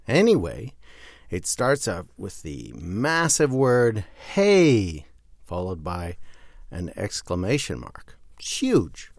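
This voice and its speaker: A man's voice: on the low side, vocal fry, dry recording, studio quality. A man hosting a podcast, reading aloud from a zine with wry asides. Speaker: podcast host.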